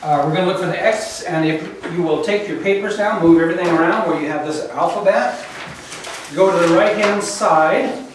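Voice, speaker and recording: Man teaching in an echoey classroom. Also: sits high. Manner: patient, repeats "okay?" to check understanding; slow, careful letter-by-letter drilling. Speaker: Bible Hebrew teacher. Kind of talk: classroom lecture. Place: classroom, recorded from the back. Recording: very echoey room, distant mic, faint noise.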